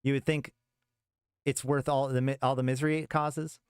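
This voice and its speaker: A man's voice: mid-range voice, little pitch movement, moderate pace, clean tone, no echo, studio quality, close to an everyday voice. A man voicing an angry male colony shopkeeper, terse and accusing, read from a story.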